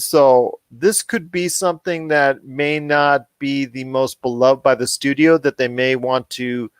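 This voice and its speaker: A man chatting casually on a pop culture podcast, at a middle pitch, with a dry, close sound. He rambles and restarts his sentences, and his voice climbs when he gets puzzled. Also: clean tone, dry recording. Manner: rambling, self-correcting, gets heated and higher when puzzled. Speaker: podcast co-host.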